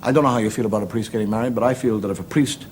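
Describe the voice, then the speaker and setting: A middle-aged man with an Irish accent, telling stand-up stories with wry, lilting timing. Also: rapid-fire. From Ireland. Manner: lilting, wry, rising pitch in the punchlines. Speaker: stand-up comedian. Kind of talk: stand-up storytelling. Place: television studio with audience. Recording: noisy 1970s TV broadcast.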